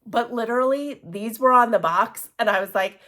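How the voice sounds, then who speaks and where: A woman chatting casually in a show-and-tell craft vlog, gushing and excitable, with many restarts and laughs. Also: fairly high pitch, moderate pace. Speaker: cross-stitch vlogger.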